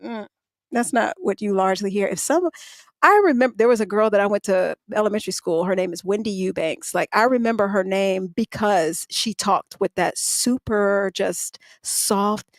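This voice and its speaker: A woman from Atlanta with a light Southern US accent, chatting as a guest DJ and telling stories in a lively, laughing way. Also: medium pitch, normal speed, no room sound. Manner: animated storyteller, laughs often. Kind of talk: casual chat.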